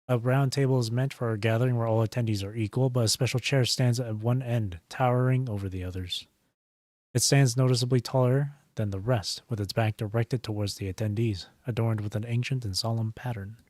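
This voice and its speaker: A man streaming, reading a game's story aloud in a steady narration with small slips and restarts. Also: medium pitch, brisk, no echo, clean studio sound.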